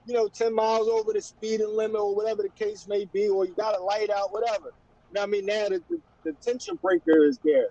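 High-voiced man with mellow relaxed tone. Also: quick pace, no room sound. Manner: relaxed, repeats "you know what I mean". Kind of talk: casual chat. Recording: dry, dull lo-fi sound.

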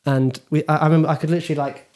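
A man's voice: fairly high pitch, little pitch movement, rapid-fire, a little mellow. A young man from Britain hosting a podcast, telling rambling stories in casual chat with many fillers and restarts. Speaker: podcast host.

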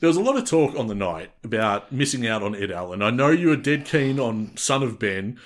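A man's voice: mid-range voice, lively intonation, a little fast. An Australian man co-hosting a casual sports podcast, chatty and reading out player details with frequent restarts. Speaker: podcast co-host.

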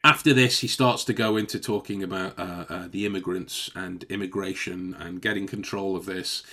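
A man's voice: deep voice, steady tone, moderate pace, pushed and bright. A man chatting casually, with a loose and profane delivery and frequent laughs. He explains body language to a co-host in an unscripted, conversational way. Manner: chatty, swears, laughs often. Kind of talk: casual chat.

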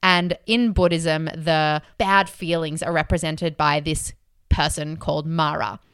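A young woman tells stories in a relaxed podcast chat and acts out the voices in them. Her tone is smooth and clear, recorded close and dry. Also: sits low, measured pace, no echo. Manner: animated storyteller, acts out quotes in playful voices. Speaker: podcast co-host. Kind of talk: casual chat.

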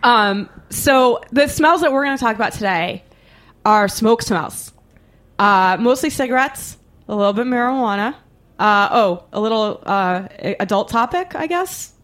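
A woman hosting a live podcast, talking quickly and excitedly, laughing often. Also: on the high side. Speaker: podcast host. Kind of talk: casual chat. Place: studio, live show.

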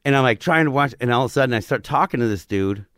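A man's voice: medium pitch, animated, fast talker, a bit bright, no room sound, clean studio sound. A man in his forties from northern Florida, telling a story in a casual, profane way and acting out the quotes. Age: 40s. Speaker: podcast guest.

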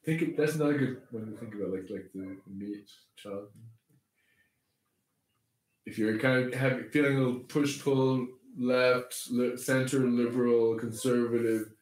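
A podcast host raised in Canada chats casually about faith in a medium-pitched, darkish voice with fairly even intonation and a measured pace. He rambles, chuckles often, and restarts his sentences. The mic sits at a distance, picking up a roomy echo.

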